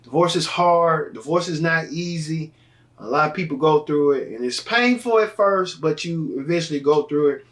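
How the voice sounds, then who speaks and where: A man's voice: fairly high pitch, normal speed, a bit bright, distant mic. A man hosting a casual entertainment news show, talking in a loose, rambling way with many fillers and restarts. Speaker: host.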